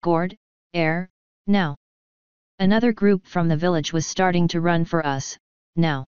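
A woman's voice: on the low side, normal speed, smooth, dry recording. A woman steadily reading a first-person fan story aloud. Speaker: fanfiction reader. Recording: slightly muffled recording.

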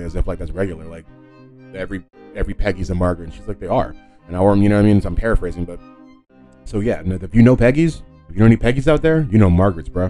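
A man's voice: low-pitched, dark tone. A man hosting a solo podcast, talking casually in a rambling way with lots of fillers and self-corrections. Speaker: podcast host.

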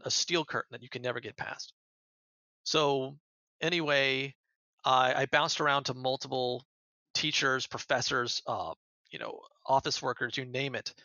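A man's voice: medium pitch, fairly even intonation, normal speed, vocal fry, pushed and bright, no room sound, highs cut off. An American man who is a podcast guest, earnestly retelling events in a casual interview and often repeating words as he goes. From United States.

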